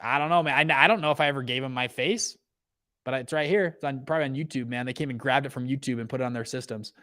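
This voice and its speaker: A man in his thirties, the host, giving a casual rant about economics, lively and full of restarts and acted quotes. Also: mid-range voice, quick pace. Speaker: host, fund manager.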